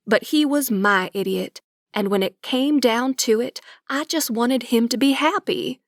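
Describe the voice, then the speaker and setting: A woman narrating a romantic comedy audiobook in first person, with wry, lively storytelling. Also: fairly high pitch, no echo, clean studio sound.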